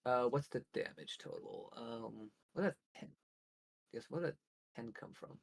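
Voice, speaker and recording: A man's voice: mid-range voice, unhurried, creaky. A man running a tabletop game as game master, chatty and loose, often laughing.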